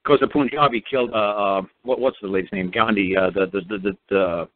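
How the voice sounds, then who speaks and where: A man's voice: lowish voice, fairly quick, no room sound. A man talking as a guest on a call-in show, telling a story in a blunt, emphatic and heavily profane way. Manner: emphatic, commanding. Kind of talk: casual call-in radio talk. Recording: dry tinny phone line.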